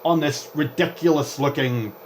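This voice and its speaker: A young man rambling through gameplay commentary as a vlogger, chatty and excitable, jumping between topics and reacting aloud to the game. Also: on the high side, normal speed, a little hiss or hum. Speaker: gaming vlogger.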